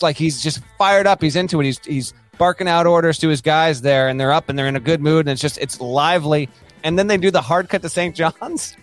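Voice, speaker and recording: A man co-hosting a casual sports podcast, talking in animated bursts with quick asides and laughter. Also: on the high side, no room sound. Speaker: podcast co-host.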